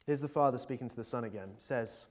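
A man's voice: mid-range voice, quick pace, darkish tone. A man preaching a conversational sermon in a church, earnest and full of fillers, building to emphatic appeals.

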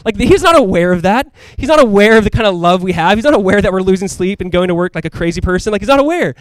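Male pastor, fairly high voice, rapid, chatty and emphatic sermon delivery, dry sound. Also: expressive, clean tone, dry recording. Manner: casual, conversational preaching with frequent asides.

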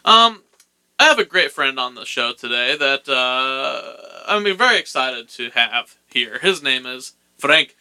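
A man's voice: medium pitch, lively intonation, a little slow, bright, forceful tone, clear, resonant tone. A man hosting a podcast, chatting casually with a goofy, jokey, playful mock-motivational delivery. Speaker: podcast host. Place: podcast studio room.

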